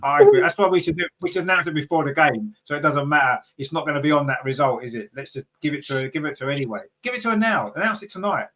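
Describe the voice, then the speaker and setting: A man hosting a fan podcast in casual, rambling chat, reading out viewer comments with many fillers and sudden excited jumps in pitch. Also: rapid-fire, hardly any pauses. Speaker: podcast host.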